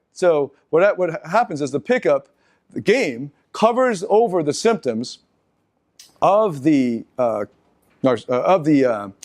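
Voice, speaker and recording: A middle-aged man giving a live seminar lecture, talking in an animated, halting way with restarts and asides to the audience. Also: a little high. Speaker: seminar speaker.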